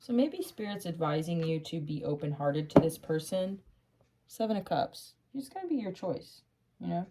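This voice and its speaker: Heavy background noise surrounds a tarot reader as she goes through a spread at a moderate pace in a fairly low voice. She's loose and excitable, laughs often, swears casually, calls the listener honey and lowers to a gentle hush to offer advice.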